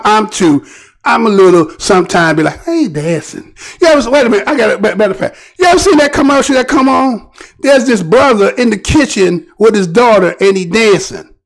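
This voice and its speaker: American male host with a high, creaky voice; casual, rambling news commentary. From United States. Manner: rambling, conversational, keeps asking "right?".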